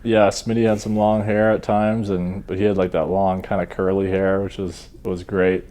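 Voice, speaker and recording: A Canadian man in his thirties, a hockey goalie talking as a podcast guest in a relaxed, self-deprecating way with many ums and uhs. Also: low-pitched, normal speed. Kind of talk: relaxed interview chat.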